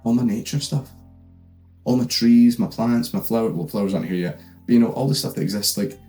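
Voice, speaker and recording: A man's voice: low-pitched, big pitch swings, normal speed, mellow, soft background music. A Scottish man voicing an outraged female nature goddess who panics, swears and rants indignantly.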